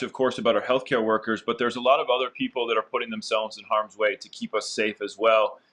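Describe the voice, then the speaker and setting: A man's voice: medium pitch, a bit bright. A man hosting an interview over a video call, upbeat and encouraging, with frequent fillers. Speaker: interviewer and host.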